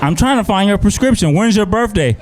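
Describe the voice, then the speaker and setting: A man's voice: sits high, expressive, a little fast. A male pharmacist doing stand-up, sassy, acting out both sides of a counter exchange. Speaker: pharmacist comedian. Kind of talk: stand-up comedy routine. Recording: live club with loud crowd and noise.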